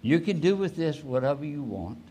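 A man in his eighties, a pastor telling a personal story in a sermon, rising suddenly and trailing off softly. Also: a little high, big pitch swings, husky. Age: 80s. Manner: slow, with sudden rises and soft trailing endings.

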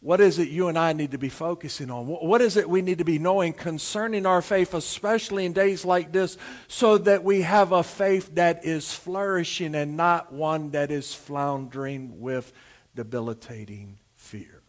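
Man, pastor, sermon, folksy, animated, high voice. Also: moderate pace.

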